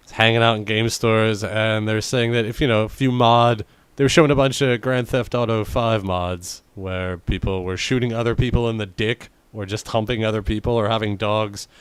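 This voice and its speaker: Joking low-voiced man reading odd news. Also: clear, resonant tone, no echo. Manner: joking, reads news items aloud with sarcastic asides. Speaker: podcast co-host. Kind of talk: casual podcast banter.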